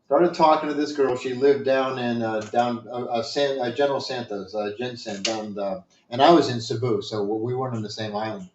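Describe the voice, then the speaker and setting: A man's voice: mid-range voice, normal speed, hardly any pauses, slight background noise. A man telling stories in a casual, rambling way with many fillers and restarts and a dry sense of humor, heard over a video call. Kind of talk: casual storytelling. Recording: echoey, dull lo-fi sound.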